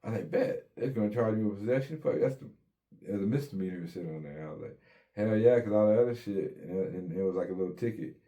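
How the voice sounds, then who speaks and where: A man's voice: low voice, fast talker, warm tone. A man casually telling his own story in an interview, in laid-back street slang with plenty of swearing, acting out what people said.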